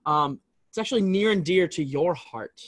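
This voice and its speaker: A man's voice: on the high side, lively intonation, normal speed, slight background noise. A man in his twenties co-hosting a podcast at home, teasing his friends, laughing often and swearing freely in casual banter. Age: 20s. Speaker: podcast co-host. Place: home room.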